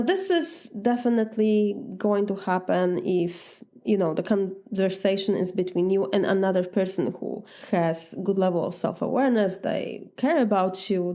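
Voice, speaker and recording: Polish-accented woman life coach, warm mellow tone, earnest and direct, mid pitch. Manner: earnest, direct, acts out sample dialogues. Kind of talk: coaching podcast talk.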